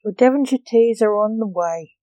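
A woman's voice: a little high, moderate pace, warm tone, no echo, close to an everyday voice. Woman reading as a timid cafe waiter. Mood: nervous. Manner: timid, nervous. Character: nervous, scared cafe waiter.

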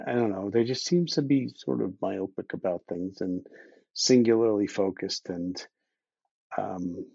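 A man's voice: on the low side, creaky, mellow, slightly rough, dry recording. A blunt, opinionated man talks as a guest on a podcast, often restarting his sentences and swearing now and then. He has the hiccups. His voice comes through dry and a little dull, as from a remote recording. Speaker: podcast guest, underwater explorer. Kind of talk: casual conversational interview.

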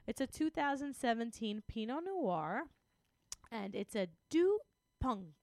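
A woman co-hosting a casual podcast, chatty and playful, laughing easily with quick asides. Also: fairly high pitch, big pitch swings, a little mellow, no echo. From Greek heritage, US. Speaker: podcast co-host. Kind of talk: casual chat.

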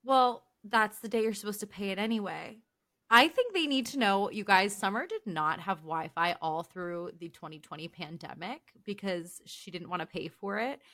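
A woman's voice: mid-range voice, expressive, normal speed, pushed and bright. A young adult woman co-hosting a casual podcast chat, teasing her partner and retelling stories with lots of "like". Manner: teasing, storytelling, filler-heavy. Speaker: podcast co-host.

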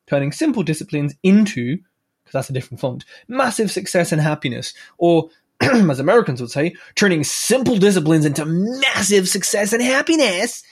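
A man's voice: on the high side, slightly rough. A man hosting a podcast, giving a casual, chatty solo book review with offhand swearing and self-mocking asides. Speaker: podcast host.

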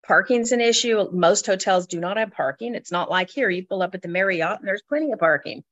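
A woman's voice: medium pitch, brisk, fairly bright tone, highs cut off. A woman, a travel advisor, chatting casually on a radio travel show and often repeating words as she thinks.

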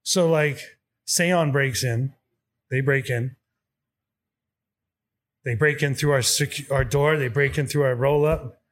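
A man's voice: mid-range voice, slow pace, long pauses. A man telling a story in casual chat, swearing freely and acting out both sides of the dialogue. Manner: profane, animated, acts out dialogue.

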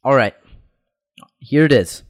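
A man's voice: mid-range voice, animated, slow pace. A young man co-hosting a podcast in casual chat, laughing often and hesitating, repeating his words. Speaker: podcast co-host.

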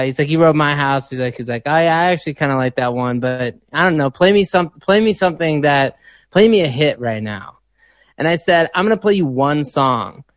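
A man with a fairly high, smooth, clear voice tells an anecdote in relaxed chat. He halts and restarts now and then as he talks. The sound is dry and close. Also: no room sound. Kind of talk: casual anecdote.

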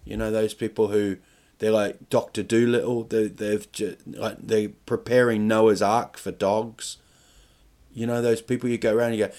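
A male podcast host delivers a rambling comedic monologue alone, jokey and full of swearing, constantly breaking off and restarting. His voice is lowish, level in tone and a little mellow, at a moderate pace.

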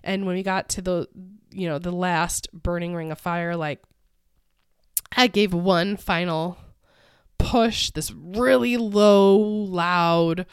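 A woman's voice: lowish voice, slow pace, clear, resonant tone, no echo, clean studio sound. A young adult woman hosting a podcast, telling a personal story casually with lots of fillers and frequent laughs. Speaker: podcast host.

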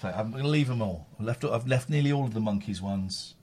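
A man's voice: fairly low pitch, a little fast, darkish tone, a little hiss or hum. Tired, rambling man on a stream. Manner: rambling, repeats himself. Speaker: streamer and podcast host. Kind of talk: casual live-stream chat.

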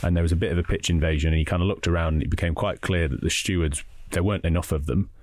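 A man in his thirties, a football journalist chatting on a podcast in a quick, self-interrupting way. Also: low voice, fairly even intonation, a little mellow, no room sound. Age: 30s. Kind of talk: casual podcast debate.

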